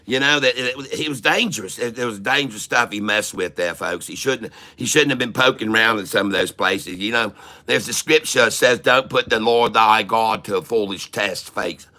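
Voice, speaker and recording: A man's voice: on the low side, normal speed, pushed and bright. A man hosting a live trading stream, chatting casually in a folksy, joking way, laughing often and repeating his words.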